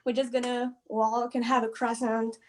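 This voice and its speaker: High-voiced cheerful woman on a video call. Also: moderate pace. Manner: cheerful, laughing often, animated. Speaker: caller sharing a story. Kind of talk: casual storytelling.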